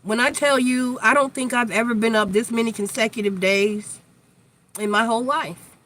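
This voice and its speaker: A woman's voice: fairly high pitch, fairly even intonation, moderate pace, a bit bright. A woman hosting a casual live tarot chat, blunt and chatty with free swearing, tired and yawning from lack of sleep. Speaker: tarot reader, live stream host.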